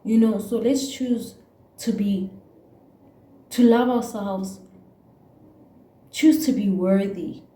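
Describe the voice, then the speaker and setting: A woman's voice: medium pitch, slow pace, pauses often, dark tone, reverberant, poor audio. A young South African woman with a South African accent, ranting heartfelt and preachy to her viewers, mixing in Zulu words. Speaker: YouTuber. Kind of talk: emotional casual rant to camera.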